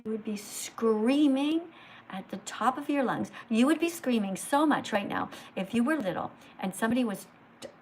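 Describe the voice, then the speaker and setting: A woman hosting a livestream, lecturing slowly and emphatically like a teacher. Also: fairly high pitch, slight background noise. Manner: slow, emphatic teacher-like delivery. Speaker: livestream host.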